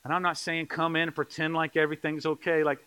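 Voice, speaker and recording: A man preaching a sermon in church, joking with the congregation and building to loud, rising calls. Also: fairly high pitch, flat delivery, quick pace, smooth, dull audio. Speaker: pastor. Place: church sanctuary.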